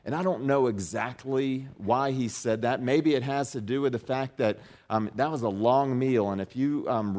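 A man's voice: medium pitch, darkish tone. A man preaching a sermon as pastor, talking in a loose conversational way with frequent restarts, lifting his voice when he reads and repeats key lines. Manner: conversational, many restarts and fillers, rising emphasis on quotes.

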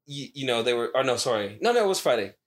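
A man's voice: medium pitch, very animated, fast. A man co-hosting a radio show, chatting casually and retelling stories with lots of swearing. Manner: profane storytelling with lots of retold quotes. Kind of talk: casual chat.

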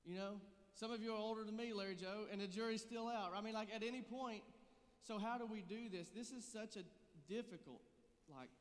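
A man's voice: sits high, fairly quick, big-room sound. A man in his thirties preaching a sermon, conversational and joking, growing earnest and intense. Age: 30s. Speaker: pastor.

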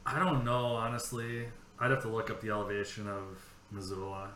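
Man from California, rambling, swearing storyteller on a casual podcast, bright voice, echoey room. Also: on the low side, little pitch movement, fairly quick. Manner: rambling storyteller, swears freely, acts out dialogue. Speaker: podcast co-host. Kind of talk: casual chat. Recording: echoey room with faint background noise.

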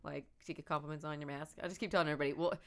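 A woman's voice: sits low, fairly even intonation, very fast. A woman co-hosting a podcast, chatting casually, full of "like" and easy laughter. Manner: chatty, laughs easily, filler-heavy. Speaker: podcast co-host. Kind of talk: casual chat.

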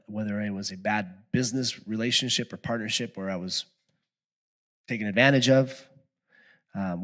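A middle-aged pastor preaches conversationally, moving from quiet reflection to loud, animated storytelling. His pitch is fairly low.

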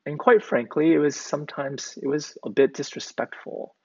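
Male pastor, measured sermon delivery with a gravelly edge; muffled, lo-fi sound. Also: fairly high pitch, a little mellow. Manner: deliberate, emphatic repetition of key words. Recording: dull, lo-fi recording.

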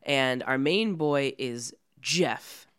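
A woman's voice: extremely low pitch, extremely slow, fairly bright tone, clear, resonant tone, dry recording, clean studio sound. A woman co-hosting a casual movie-review podcast, sarcastic and profane, laughing often. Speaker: podcast co-host.

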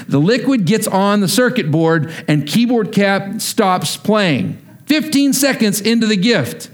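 A male pastor from Texas delivers a sermon as an animated story, slipping into the voices of his family as he goes. His voice sits a little higher than most men's. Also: measured pace.

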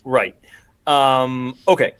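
A man with a middle-pitched voice recapping a film on a podcast, rambling and filling every pause with "like". The sound is dry and close. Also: a bit bright, clear, resonant tone, no room sound. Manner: rambling, heavy on "like", quick bursts. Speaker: podcast host. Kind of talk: casual chat recapping a film.

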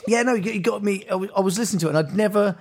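Animated man retelling scenes. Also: high-pitched, rapid-fire. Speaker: podcast co-host. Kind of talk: casual chat.

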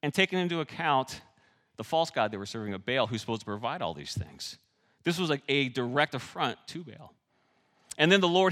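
Male preacher, lively and humorous, bright-toned, recorded in a large reverberant hall. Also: fairly high pitch. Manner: animated, swings between loud and hushed; jokes with the audience. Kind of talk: sermon.

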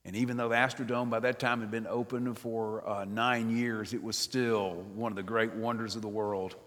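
A man's voice: lowish voice, moderate pace. Older man preaching in a reverberant church. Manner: expressive, swings from loud emphasis to near whisper. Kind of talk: sermon. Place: church nave.

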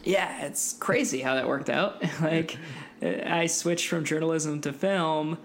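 A young man co-hosting a casual film podcast, easygoing and quick to laugh. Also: fairly high pitch, a little hiss or hum. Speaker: podcast co-host.

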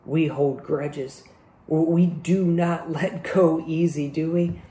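A man's voice: on the high side, fairly even intonation, slow pace, mellow. A male pastor preaching a sermon in a conversational way, with rhetorical questions, in a church hall. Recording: echoey room.

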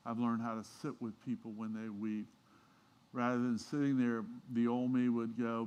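A man preaching a sermon, telling stories with feeling and swinging between hushed and emphatic delivery. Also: medium pitch, little pitch movement, unhurried, slight background noise. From Southern United States. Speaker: pastor.

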